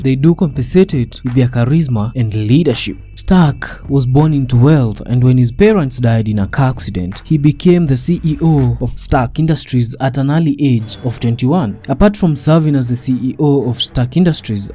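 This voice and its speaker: A man's voice: mid-range voice, animated, moderate pace, few pauses, warm tone, soft background music. A man reading a scripted commentary voice-over in a wry, dramatic storytelling manner. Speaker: narrator.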